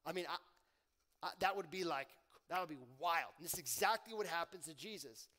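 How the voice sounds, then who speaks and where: A man pastor preaching a casual sermon, swinging between loud emphatic questions and quiet asides. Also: fairly high pitch, fairly quick. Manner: conversational preaching with slang and swings in volume.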